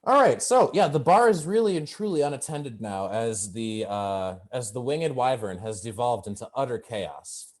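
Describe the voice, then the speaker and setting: A man's voice: medium pitch, normal speed. A man narrating as game master in a loose, rambling way with lots of fillers.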